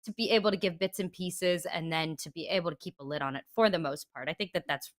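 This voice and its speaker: A woman's voice: lowish voice, fast talker. A woman co-hosting a casual celebrity news chat, upbeat and chatty, laughing often. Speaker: co-host.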